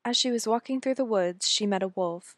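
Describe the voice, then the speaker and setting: A woman reads a fairy tale aloud in a gentle, measured way, keeping a steady middle pitch. The recording is close and dry, with no room around her voice. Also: dry recording. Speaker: storyteller. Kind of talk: scripted storybook narration.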